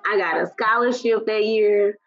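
A woman's voice: mid-range voice, moderate pace, fairly bright tone. A woman telling a personal story in a casual interview, chatty and emotional, with lots of fillers. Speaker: guest. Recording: muffled lo-fi audio with faint music.

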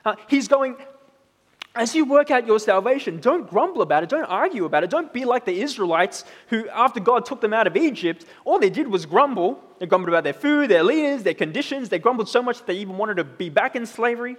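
A man in his thirties preaching a sermon in a relaxed, conversational way, often checking in with "right?". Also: very high-pitched, fairly quick, in a large hall. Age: 30s. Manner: conversational, tag questions like "right?".

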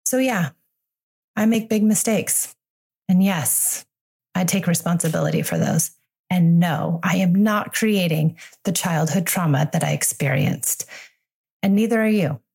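Candid woman parenting coach, lowish voice. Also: expressive, unhurried, a little mellow, breathy edge. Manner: candid, earnest and reassuring. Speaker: parenting coach and podcast host. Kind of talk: solo podcast monologue.

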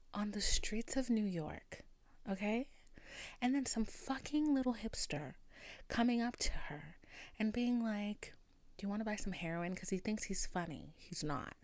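Expressive woman telling a story, dry sound. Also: medium pitch, dry recording. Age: 20s. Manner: expressive, swears freely, swings from hushed whispers to loud rants. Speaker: podcast host. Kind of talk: casual storytelling monologue.

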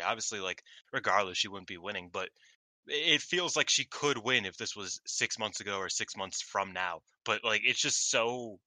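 A man's voice: lowish voice, normal speed, dry recording. A man co-hosting a casual podcast chat, telling stories animatedly and acting out what people said, laughing often. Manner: animated storyteller, acts out quotes, laughs often. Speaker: podcast co-host. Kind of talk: casual chat reviewing wrestling shows.

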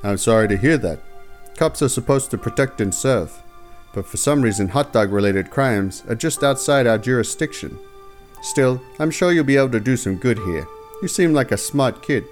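A man's voice: mid-range voice, animated, normal speed, soft background music, natural voice. A man doing a pompous police chief. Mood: kindly. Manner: pompous, lecturing. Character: self-important male police chief.

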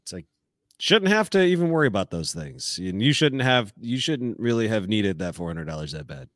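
A man with a very deep voice co-hosts a podcast, wry and easily exasperated. He rants in short bursts. His voice sits close and dry on the mic. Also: very animated, normal speed, no room sound. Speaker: podcast co-host. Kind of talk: casual podcast chat.

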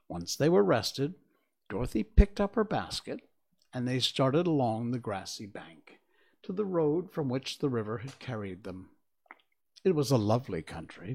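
Male audiobook narrator, unhurried and expressive, with a gravelly edge. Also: medium pitch. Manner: expressive, storytelling.

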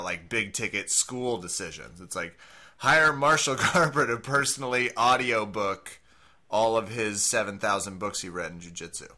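A man with a very bright, forward voice riffs wryly as a podcast co-host. His tone sits a bit low. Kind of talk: casual chat.

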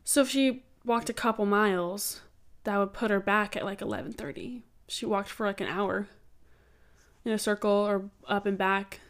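A woman co-hosts a true-crime podcast, loosely chatting through theories and laughing easily. Her mid-range voice keeps a fairly even intonation at a moderate pace.

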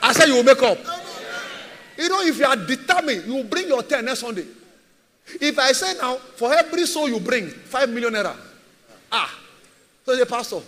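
A man's voice: very high voice, sing-song, moderate pace, bright, forceful tone, in a large hall. A man preaching a sermon as a pastor, emphatic and repetitive, firing rhetorical questions at his church.

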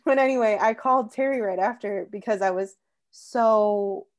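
A young woman recounts things in a loose, chatty way, full of fillers and quick asides. Her voice sits at an ordinary middle pitch. It feels like an easygoing conversation between friends. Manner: chatty, animated storytelling with many "like"s. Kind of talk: casual chat.

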